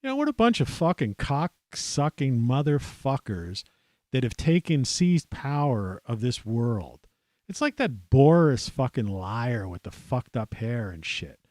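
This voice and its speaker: A man's voice: mid-range voice, very animated, unhurried, darkish tone, dry recording. A man from the United States, hosting his own show, delivering an angry, rambling monologue full of swearing and fillers. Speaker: podcast host. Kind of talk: profane ranting monologue.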